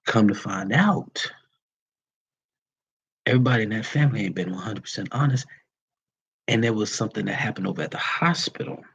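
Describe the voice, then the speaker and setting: A man's voice: lowish voice, lively intonation, moderate pace, creaky, pauses often, pushed and bright, slightly rough, dull audio. A man who is a Vodou priest, talking casually and plainly to his followers and calling them y'all. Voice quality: folksy and plain-spoken, uses y'all. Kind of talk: casual livestream talk to followers.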